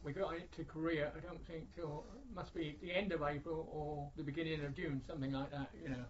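A man's voice: fairly high pitch, flat delivery, brisk, slight background noise. Older man reminiscing, lo-fi. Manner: rambling, with many fillers and restarts. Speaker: veteran interviewee. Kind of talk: oral history recollection. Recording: dull lo-fi recording.

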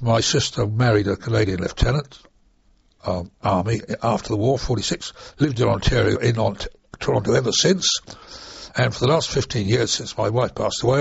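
A man's voice: mid-range voice, vocal fry, breathy edge, no echo. An older man, chattily reminiscing in an oral history interview with rambling asides, on a dull lo-fi dry recording. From United Kingdom. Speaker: interviewee, former RAF trainee pilot.

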